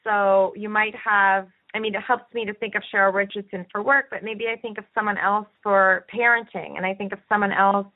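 A woman host speaks earnestly and encouragingly, stretching her thoughts into long explanations. Her voice sits at an ordinary middle pitch. It comes through thin and narrow, like a phone line. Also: fairly even intonation, a little fast, hardly any pauses. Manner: earnest, encouraging, talks at length. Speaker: podcast host and coach. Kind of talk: conversational podcast discussion. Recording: tinny phone-line audio.

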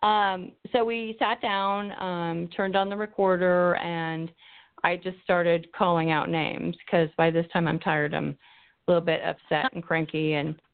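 A woman's voice: on the low side, little pitch movement, unhurried. A woman investigator telling a story in an interview, rambling with many ums and restarts, sometimes drifting off the mic. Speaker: paranormal investigator guest. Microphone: phone or call-in line, drifting from the mic. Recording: tinny phone line.

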